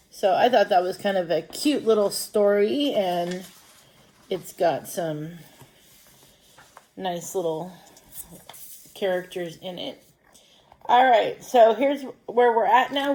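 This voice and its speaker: A woman's voice: mid-range voice, a little mellow. A woman teaching a first grade lesson by video, patiently explaining reading and math step by step for young children. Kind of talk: recorded distance-learning lesson.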